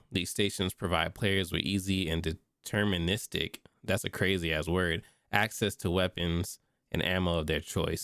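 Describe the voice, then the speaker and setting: Stuffy male streamer with a deep, dry close-mic voice; reads text, then reacts in slang. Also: a bit bright, no room sound. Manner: reads notes aloud, breaks off into slangy reactions. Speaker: streamer reading and reacting to game patch notes. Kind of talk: casual livestream commentary.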